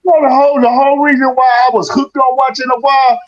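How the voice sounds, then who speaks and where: A man in casual talk-show banter who speaks in an animated, profane way. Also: very high-pitched, quick pace, highs cut off. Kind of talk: casual chat.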